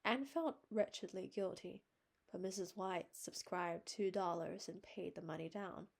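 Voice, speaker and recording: A woman reading a classic novel aloud, narrating calmly and evenly. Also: lowish voice, unhurried, vocal fry. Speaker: reader. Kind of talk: storybook narration.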